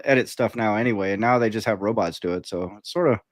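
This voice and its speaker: A man's voice: lowish voice, fast, no room sound, clean studio sound. A man co-hosting a podcast in casual chat, sardonic and freely swearing, often acting out the people he talks about. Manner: profane, sardonic, acts out quoted voices. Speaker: podcast co-host.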